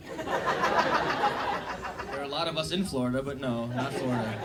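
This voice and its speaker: Here a young stand-up with a mid-range voice moves at a moderate pace and pauses often. His casual, self-deprecating talk into a handheld mic comes with fillers and asides. It was recorded live in a comedy club, with background noise and loud laughter from the audience.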